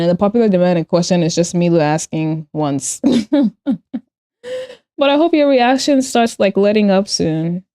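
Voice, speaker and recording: Chatty young woman streamer, mellow voice. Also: medium pitch. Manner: chatty, reads and answers chat aloud, playful. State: out of breath. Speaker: livestreamer. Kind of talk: casual livestream chat while drawing.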